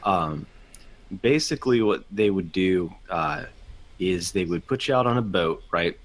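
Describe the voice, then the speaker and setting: A man's voice: low voice, expressive, unhurried. A man on a casual podcast, explaining at length in a rambling way, hedging with "like" and "right". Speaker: podcast co-host.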